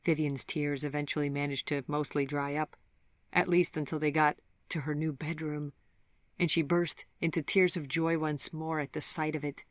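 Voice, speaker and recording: A woman reads a gentle fairy tale aloud with soft, measured narration. Her voice sits low in pitch, and the recording is close and dry. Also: flat delivery, dry recording. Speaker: audiobook narrator. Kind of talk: scripted narration.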